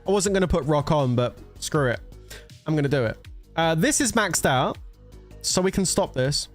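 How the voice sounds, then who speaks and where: An excitable man streams a mobile strategy game, talking casually with his chat and cursing freely. His voice sits a little high for a man. Faint game music plays behind him. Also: normal speed. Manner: chatty, excitable, swears freely, talks to chat. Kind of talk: casual live-stream commentary.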